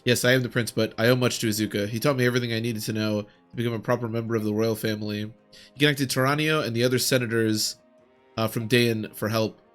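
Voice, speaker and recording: A man's voice: medium pitch, fairly even intonation, fast talker, soft background music, close to an everyday voice. A man reading out a young earnest male prince from a video game, in a plain read-aloud voice.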